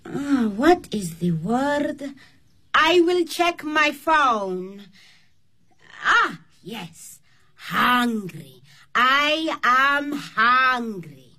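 Brief: a high, slow, halting hotel guest, still learning English. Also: female voice, very animated, pushed and bright, exaggerated voice. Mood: earnest. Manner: halting, searching for words. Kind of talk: scripted learning drama.

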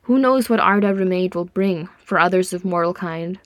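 A woman reading aloud and voicing a gentle, hopeful male dwarf. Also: lowish voice, moderate pace, dry recording, close to an everyday voice.

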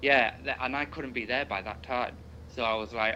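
A man's voice: medium pitch, fairly even intonation, normal speed, bright, forceful tone, highs cut off, a little hiss or hum. Rambling young Englishman, crude banter. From England. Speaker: podcast guest. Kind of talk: casual chat.

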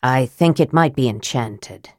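A woman voicing a frail, guarded young male mage who speaks quietly, tersely and sharply. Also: extremely low pitch, a little slow, no echo, studio quality, pitched below the performer's own voice.

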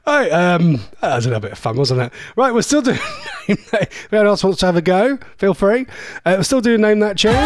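A man's voice: sits high, big pitch swings, fairly quick, no echo, soft background music. A man from Norfolk with a Norfolk accent, hosting a radio show in a playful, teasing chat that coaxes listeners. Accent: Norfolk English. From Norfolk, England. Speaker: radio host.

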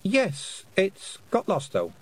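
A man's voice: high voice, wildly swooping pitch, takes it slowly, voice pushed up, heavily acted. A man doing a weary, sensible young girl. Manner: weary, matter-of-fact. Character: sensible, plain-spoken farm girl.

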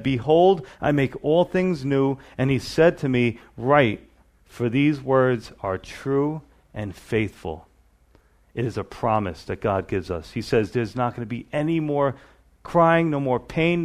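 Earnest conversational male preacher. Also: mid-range voice. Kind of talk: sermon.

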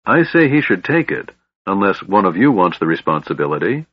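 A man's voice: lowish voice, sing-song, brisk, breathy edge, no room sound, muffled recording. A man doing a weary, grudging half-elf leader. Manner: quiet and reluctant.

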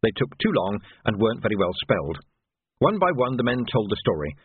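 A male narrator reads a novel aloud in a husky voice that moves freely in pitch. The recording is narrow and phone-like, completely dry. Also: big pitch swings, fairly quick, no echo. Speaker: audiobook narrator. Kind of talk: scripted narration. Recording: tinny phone-like band.

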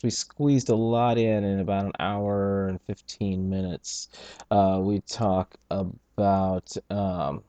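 A man hosts a loose, jokey podcast from his studio apartment, swearing freely as he rambles. His voice sits low and dark. It is recorded dry, with no room sound. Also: no room sound. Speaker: podcast host. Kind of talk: casual podcast chat.

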